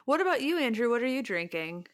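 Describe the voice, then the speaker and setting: A young woman co-hosting a podcast, with a smooth, clear voice and a teasing, easy manner. She laughs often as she chats, and she is recorded dry and close to the mic. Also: a little high, big pitch swings, fast, dry recording. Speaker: podcast co-host and editor. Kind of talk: casual chat.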